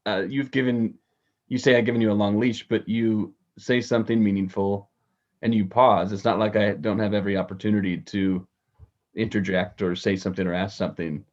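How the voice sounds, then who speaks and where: Low-voiced male host, dull audio. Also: steady tone, a little mellow. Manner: halting, searching for words. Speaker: podcast host. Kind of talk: conversational interview.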